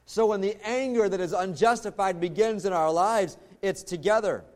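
Male pastor with a high voice, earnest preaching style, slows for emphasis. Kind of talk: sermon.

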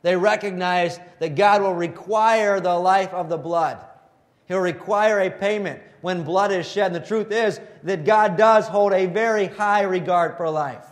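A man delivering a sermon in an earnest preaching voice that sits a little high for a man. He reads scripture aloud and turns lively when he mimics the mockers. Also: a little slow. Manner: earnest preaching, rising to animated mock voices when quoting scoffers.

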